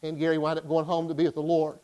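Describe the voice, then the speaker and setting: A pastor from Arkansas, preaching a sermon and telling a story with impassioned, emphatic bursts. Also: male voice, fairly high pitch, completely flat delivery, fast, a little mellow, poor audio.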